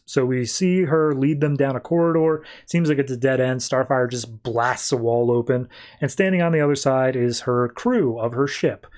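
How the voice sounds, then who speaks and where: A man's voice: mid-range voice, darkish tone. Chatty man recapping comics. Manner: chatty, filler-heavy storytelling. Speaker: podcast host. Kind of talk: casual comic book recap.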